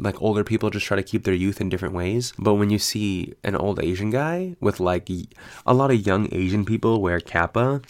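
A man with a slightly low voice chats on his own, telling stories with lively, foul-mouthed energy. He laughs often and leans hard into his punchlines. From United States. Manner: animated, profane storytelling with frequent laughs. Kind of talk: casual solo chat.

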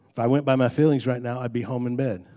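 A man's voice: mid-range voice, steady tone, a little fast, mellow. A man preaching a sermon in a folksy, conversational way, mixing jokes into his points and building emphasis on key lines. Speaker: pastor.

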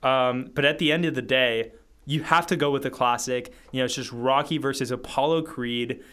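A man's voice: medium pitch, moderate pace, pushed and bright, clear, resonant tone. A young man co-hosting a casual chat, rambling with lots of fillers. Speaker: podcast co-host. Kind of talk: casual movie-list chat.

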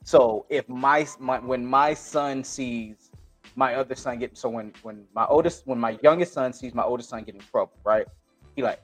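A man's voice: mid-range voice, moderate pace. Guy on a podcast, blunt and sweary, keeps restarting, faint music behind. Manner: blunt, profane, rambling with restarts. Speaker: podcast co-host. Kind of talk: casual podcast discussion.

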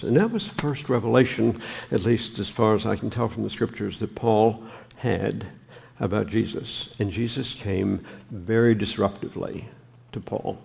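A man preaching a sermon, reading scripture and reflecting on it slowly, with many pauses and ums. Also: lowish voice, fairly even intonation, vocal fry, a little mellow, breathy edge.

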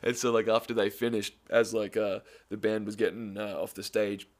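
A man's voice: lowish voice, level tone, normal speed, few pauses. A young man with an Australian accent tells a rambling festival story in a casual way. He swears constantly and laughs as he goes. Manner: profane, rambling, laughs through his story. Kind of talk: casual anecdote.

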